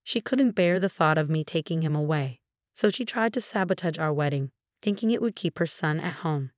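A woman reads a scripted first-person family drama at a steady, measured pace. Her voice sits on the lower side, and the recording is dry and close, with no room sound. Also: no room sound.

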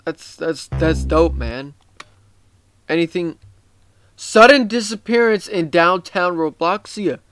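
A tired man giving casual, rambling gameplay commentary, excitable and swearing often. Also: high-pitched, slow, pauses often, dry recording. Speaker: gaming YouTuber.

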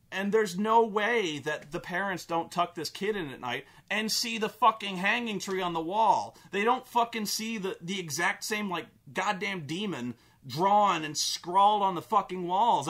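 A young man ranting casually about a film, excitable and profane, acting out scenes in exaggerated voices. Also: a little high. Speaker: vlogger reviewing a film.

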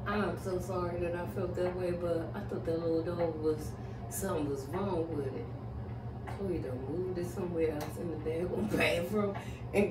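A woman's voice: lowish voice, moderate pace, distant mic, noisy background. A woman giving a casual tarot reading at home, dramatic and rambling, shaken and catching her breath between exclamations. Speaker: tarot reader. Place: home room. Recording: roomy, off-mic with faint music.

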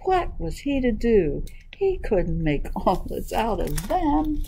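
A woman children's librarian reading a picture book aloud to young listeners. She speaks very slowly and animatedly, pausing to ask questions. Her tone is mellow, and faint noise sits behind her. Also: fairly high pitch, very animated, gravelly, poor audio.

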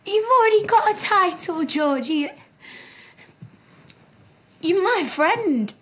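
A woman's voice: extremely high pitch, animated, slow, fairly bright tone, full character voice. An actress playing a caring, blunt young pregnant woman in a TV comedy-drama, talking in a direct, earnest way. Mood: tender.

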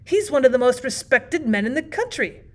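A woman doing a stammering, indignant gentleman host. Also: sits high, very animated, normal speed. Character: flustered pompous middle-aged English gentleman host.

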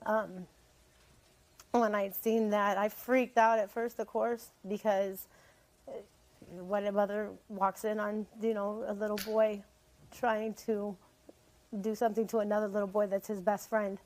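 A woman's voice: medium pitch, level tone, a little slow, darkish tone, low-quality recording. A woman appearing as a guest on a talk show, telling her story emotionally and rambling, repeating herself.

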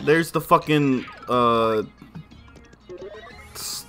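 A man's voice: medium pitch, extremely slow, bright, forceful tone, faint music behind. A man co-hosting a let's play in casual gaming chat, swearing and joking. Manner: swearing, joking, laughing often.

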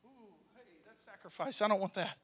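A young male pastor preaching a sermon with passion, swinging from shouts down to hushed near-whispers. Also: high-pitched, brisk, slightly rough. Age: young adult.

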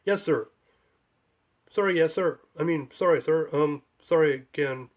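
A man's voice: fairly high pitch, unhurried, close to an everyday voice. A man voicing a nervous, overly formal young army corporal in an audiobook, tense and stiffly polite.

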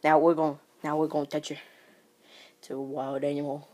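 A woman chatting in a casual selfie vlog from her bedroom, excitable and often dropping into hushed whispered asides, recorded on a phone held at arm's length. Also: sits low, fairly quick. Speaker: vlogger. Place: bedroom at home.

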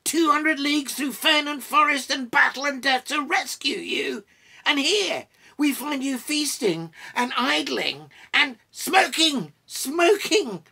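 A man's voice: very high voice, expressive, slow, gravelly, pushed and bright, voice pushed up, full character voice. A man voicing an indignant male dwarf warrior who scolds and exclaims in a storybook reading. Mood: outraged, exasperated.

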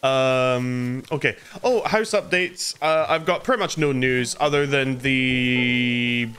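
A man's voice: medium pitch, slow pace, fairly bright tone, smooth. A man livestreaming a game, chatting casually and jokingly and greeting viewers by name. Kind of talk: casual gameplay commentary.

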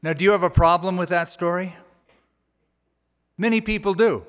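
A man preaching a sermon as a pastor, with a conversational, folksy way of retelling the text and animated quoted voices. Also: high voice, normal speed, long pauses, clean tone. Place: church auditorium. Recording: church hall with long reverb.

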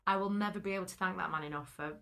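A woman's voice: lowish voice, very fast, gravelly, bright, forceful tone. A woman in her thirties, a guest actress in a casual interview, chatty and laughing as she acts out quotes.

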